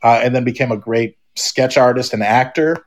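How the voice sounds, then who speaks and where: A middle-aged man appears as a podcast guest in casual chat, rambling along with many restarts and fillers. His voice is mid-range and his speed normal.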